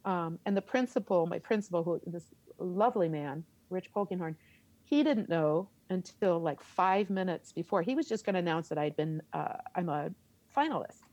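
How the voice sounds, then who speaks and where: Animated middle-aged woman telling a story. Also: lowish voice, normal speed, no echo, dull audio. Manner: animated, laughs often and acts out her own reactions. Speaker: guest, theater teacher. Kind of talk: conversational storytelling in an interview.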